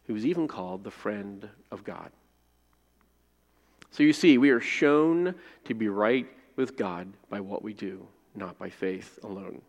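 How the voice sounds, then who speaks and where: A man preaching a sermon as pastor, reading scripture and praying, rising to loud emphasis and dropping to hushed phrase endings. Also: on the low side, measured pace. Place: church sanctuary. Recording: long reverb of a large hall.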